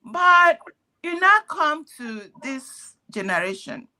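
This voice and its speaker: Woman, earnest activist lecturing in parables, slow delivery, a bit high-pitched. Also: animated, sharp tone. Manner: earnest, preachy, speaks in parables. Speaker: activist speaking on a call. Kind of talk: impassioned commentary.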